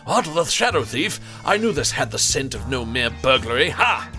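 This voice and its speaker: A man's voice: medium pitch, very animated, normal speed, pushed and bright, faint music behind. A man voicing a pompous male penguin detective in a video game, with theatrical, self-important declarations.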